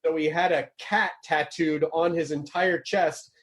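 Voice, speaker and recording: A man hosting a podcast in casual chat, chatty and quick to laugh. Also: fairly high pitch, fairly even intonation, a bit bright, breathy edge. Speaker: podcast host.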